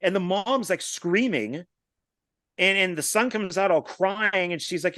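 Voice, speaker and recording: A man's voice: fairly high pitch, a little slow, dry recording, clean studio sound. Man retelling movie scenes in casual chat. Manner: animated storyteller who retells scenes with quoted lines and small laughs. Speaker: podcast co-host.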